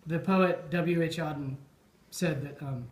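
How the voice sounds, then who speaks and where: Man, toast speaker at a supper; reflective, halting delivery with ums; slightly high voice; roomy, echoey hall sound. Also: a little mellow. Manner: thoughtful, with frequent ums and restarts. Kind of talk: informal after-dinner toast.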